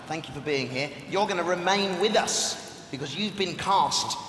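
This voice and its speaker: A man hosting a live convention stage event, brisk and announcing with dry humor. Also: sits high. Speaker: stage host. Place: large convention hall stage. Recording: echoey hall, loud crowd and noise.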